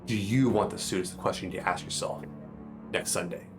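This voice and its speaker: A man's voice: low-pitched, fast talker, music in the background, voice pushed down, lightly acted. A man voicing a fussy, chatty older male tailor who pleads and fusses over his customers. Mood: fussy pleading.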